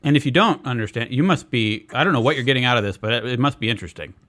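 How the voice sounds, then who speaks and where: A man's voice: mid-range voice, animated, rapid-fire, fairly bright tone. A man co-hosting a comedy podcast as the dry, skeptical straight man in casual banter. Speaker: podcast co-host.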